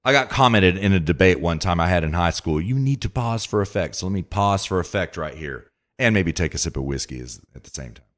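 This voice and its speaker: A man with a somewhat low voice delivers a podcast monologue, reading news passages aloud and breaking off to comment with emphasis. He talks straight to his listener and leans on repetition to drive his points home. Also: lively intonation, a little fast, a bit bright. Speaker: podcast host.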